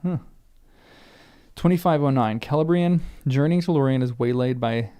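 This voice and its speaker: A man's voice: medium pitch, moderate pace, mellow, smooth. A man reading a book aloud for the first time, stumbling over names and stopping to muse about pronunciation.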